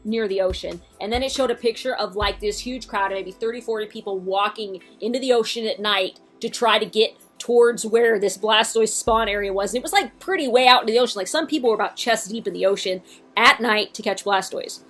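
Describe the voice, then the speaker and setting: Podcast co-host, woman, mid-pitched, rambling and sweary in casual chat. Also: fairly quick, a bit bright, soft background music. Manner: chatty, swears freely, trails off in fillers.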